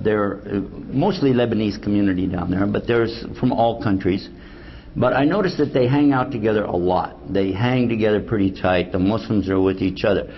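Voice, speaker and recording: An older man giving a humorous Islamic lecture to a live audience, telling stories and acting out dialogue in a joking, conversational way. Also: medium pitch. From United States. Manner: joking, storytelling, acts out quoted dialogue. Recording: dull lo-fi lecture recording with faint hiss.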